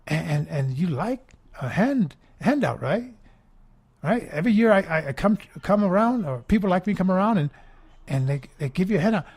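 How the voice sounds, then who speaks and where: Hosting a political talk radio show, a man delivers a commentary monologue in a high, husky, slightly mellow voice with lively intonation at normal speed. He rambles, repeats words, asks "right?" over and over, and puts on mocking voices when quoting people.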